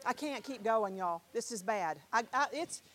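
A woman's voice: a little high, animated, normal speed, fairly bright tone, soft background music. A middle-aged woman teaching a Bible class, chatty and direct, often repeating herself and putting questions to the class.

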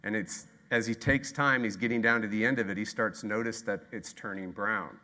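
Brief: male pastor, 30s, bright forceful tone, sermon with sharp swings between shouting emphasis and soft, slow lines. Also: lowish voice, fairly even intonation. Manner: swings from loud emphatic repetition to quiet, slow delivery.

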